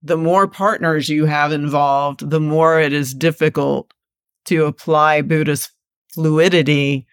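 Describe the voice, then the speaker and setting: A woman hosting a podcast, talking in a relaxed, conversational way and thinking aloud through examples as she steers the topic. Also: low-pitched, unhurried, smooth, no room sound, studio quality.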